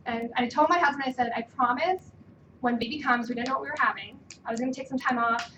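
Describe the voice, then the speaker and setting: A woman giving an animated personal testimonial at a team training meeting, acting out dialogue with bursts of excitement. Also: high-pitched, quick pace, muffled recording, slight background noise. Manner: animated, acts out dialogue loudly. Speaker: team member sharing her story. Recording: echoey room, from a distance.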